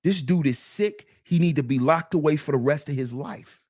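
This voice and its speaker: A man's voice: a little high, normal speed, dry recording, studio quality. A man hosting his own channel, giving casual commentary on a clip in an emphatic way, often saying "see". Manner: animated, emphatic, repeats "see". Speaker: commentary host.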